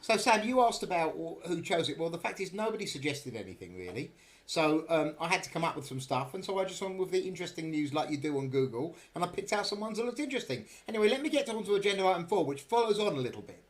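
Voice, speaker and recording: A man's voice: fairly high pitch, sing-song, quick pace. A man hosting a casual podcast panel, teasing his guests and reading out news items. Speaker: podcast host.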